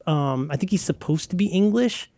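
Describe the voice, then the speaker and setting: Rambling, animated man in dry chat. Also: high voice, normal speed, dry recording. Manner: animated, rambling, many fillers and restarts. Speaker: podcast co-host. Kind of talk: casual chat.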